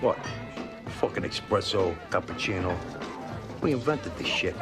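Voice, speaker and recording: An actor playing a bitter, boastful middle-aged mobster who gripes in a crude, indignant way. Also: male voice, deep voice, animated, normal speed. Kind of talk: TV drama acting. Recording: loud music under dialogue.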